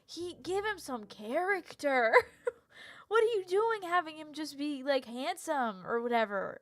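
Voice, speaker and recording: A woman's voice: fairly high pitch, lively intonation, measured pace, fairly bright tone, soft background music. A young woman streamer chatting casually and ranting animatedly about TV shows, laughing and tripping over her words. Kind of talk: casual chat, live stream rant.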